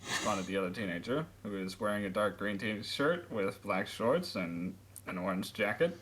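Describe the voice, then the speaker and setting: A man's voice: on the low side, normal speed, a bit bright, a little hiss or hum, rough recording. A man reading a friend's story aloud in a casual comic way, often laughing and tripping over lines. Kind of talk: comic read-aloud with put-on character voices.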